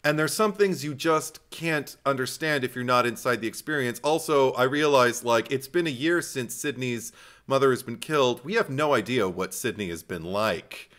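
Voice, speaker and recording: A man co-hosting a casual podcast chat, an animated storyteller who laughs often. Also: mid-range voice, normal speed. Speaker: podcast co-host.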